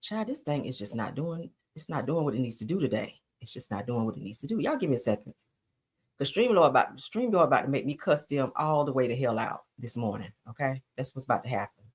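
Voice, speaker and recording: A sassy woman streamer reads the news and fires back at it, calling out to her viewers and swearing freely. Her pitch swings up and down in an animated way while she talks. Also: quick pace, husky. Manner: sassy, emphatic, cusses, talks to viewers as y'all. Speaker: host. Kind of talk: live-stream commentary.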